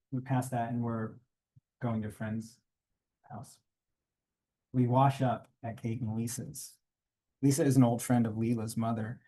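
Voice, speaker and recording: Male comics artist reading his memoir to a panel audience, warm, a little breathy, unhurried asides. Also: medium pitch. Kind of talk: reading aloud from his own graphic memoir. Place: conference panel room.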